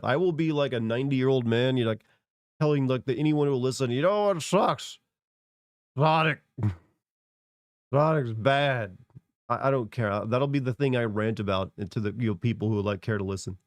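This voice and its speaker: A man's voice: medium pitch, fast talker, a little mellow, no room sound, clean studio sound. A congested man streaming, rambling casually as he answers chat. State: congested from a cold.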